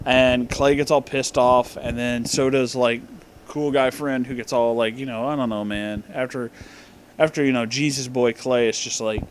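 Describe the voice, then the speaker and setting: A man's voice: mid-range voice, steady tone, moderate pace, slight background noise. Drunk man rambling through a movie rant. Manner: rambling, profane, loses his place. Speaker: movie reviewer. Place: his office.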